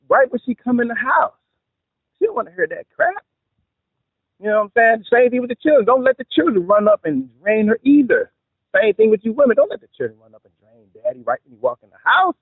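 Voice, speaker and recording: A man giving relationship advice in a casual, animated monologue, with joking asides. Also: very high voice, fairly quick, slightly rough, no room sound. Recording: dry, tinny phone-like sound.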